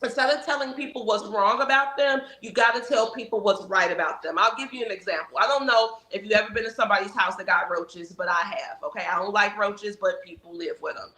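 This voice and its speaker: A woman's voice: medium pitch, fairly quick, few pauses, sharp tone, reverberant, poor audio. A woman speaking as a guest on a political talk show, emphatic and preacherly, acting out other people's voices to make her point. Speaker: podcast guest.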